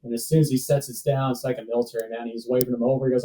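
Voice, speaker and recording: A man's voice: medium pitch, level tone, rapid-fire, mellow, recorded from a distance, low-quality recording. A man telling a personal story as a podcast guest, laid-back, acting out other people's lines. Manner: laid-back, acts out dialogue, says "dude" and "man" often.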